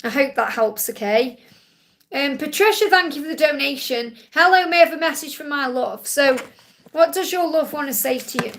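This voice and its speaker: A woman's voice: sits high, normal speed, fairly bright tone. A woman hosting a live tarot Q&A stream, reading out viewers' questions and relaying messages in a reassuring way, often checking in with "okay?". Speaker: psychic card reader.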